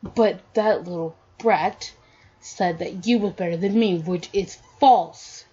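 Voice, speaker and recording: A woman voicing a boastful, hot-tempered young male hero student who speaks bluntly and drags his words out slowly. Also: lowish voice, dark tone, slightly rough. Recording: dull lo-fi audio.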